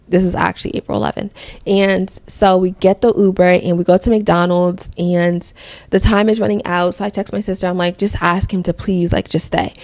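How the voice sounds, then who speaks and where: A woman's voice: fairly low pitch, creaky, darkish tone, dry recording. A young woman from Connecticut hosting a podcast, telling a personal faith testimony in a rambling, self-correcting way. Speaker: podcast host.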